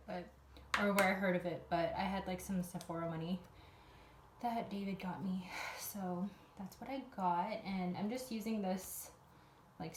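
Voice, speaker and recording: Young woman, casual vlog, rambling with fillers, medium pitch, faint background hiss. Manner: chatty, rambling, with many fillers. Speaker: vlogger. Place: at home.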